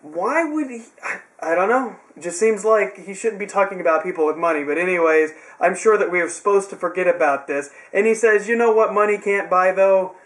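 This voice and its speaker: Young male reviewer, high voice, chatty and sarcastic, loose home-video feel. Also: a little fast. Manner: rambling, sarcastic asides. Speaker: wrestling show reviewer. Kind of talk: casual recap.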